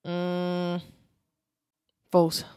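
Woman host, expressive, excitable, dry close-miked sound, podcast chat. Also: fairly low pitch, very slow, clean tone, dry recording. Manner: excitable, expressive, swears freely.

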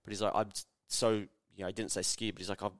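A young man chats on a podcast, acting out the people in his stories and swearing freely. His voice sits low and comes across smooth and clean. The sound is dry and close to the mic. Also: little pitch movement, fast talker, no room sound. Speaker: podcast co-host. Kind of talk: casual podcast chat.

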